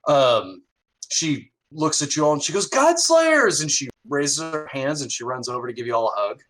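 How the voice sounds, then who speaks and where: A man's voice: mid-range voice, normal speed, a bit bright, poor audio. A man running a tabletop game as game master, narrating loosely with fillers.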